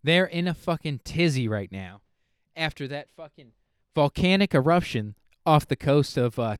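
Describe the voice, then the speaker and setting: A man's voice: mid-range voice, clear, resonant tone, dry recording, studio quality. Rambling, profane male podcaster. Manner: rambling, profane, filler-heavy. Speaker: podcast host. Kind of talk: casual solo podcast monologue.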